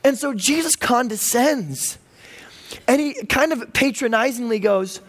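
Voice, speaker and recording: A pastor preaching a sermon, animated and humorous, with comic asides to the congregation. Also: medium pitch, a little slow.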